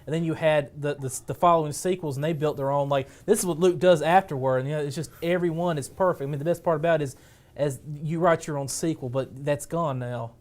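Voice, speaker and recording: A man co-hosting a casual movie podcast, jokey and animated, rambling through his points. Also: a little high, fast. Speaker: co-host.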